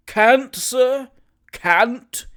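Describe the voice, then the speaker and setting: A reader voicing a grave, pompous gentleman who speaks formally and effusively in an audiobook. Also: medium pitch, expressive, measured pace, pitched above the performer's own voice, lightly acted. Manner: formal, effusive, repeats sir. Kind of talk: audiobook character reading.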